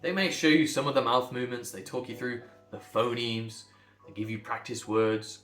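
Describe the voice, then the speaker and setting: A man's voice: medium pitch, fairly even intonation, normal speed, fairly bright tone. A man coaching pronunciation, blunt and emphatic, repeating phrases to drive points home. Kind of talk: direct-to-camera lesson. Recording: echoey room with faint music.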